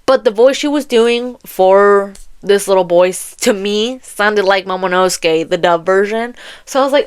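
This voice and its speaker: A woman's voice: mid-range voice, normal speed, clear, resonant tone. A young woman hosting a podcast, chatting casually about audiobooks with lots of slang, swearing and laughter. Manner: animated, laughing, profane slang. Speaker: podcast host. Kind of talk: casual chat about books.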